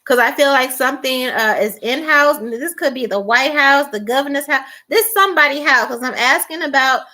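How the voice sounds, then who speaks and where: A woman's voice: high-pitched, normal speed, pushed and bright. A woman giving a tarot reading, emphatic and repeating "okay?" and "all right?", acting out the people she quotes. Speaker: tarot reader.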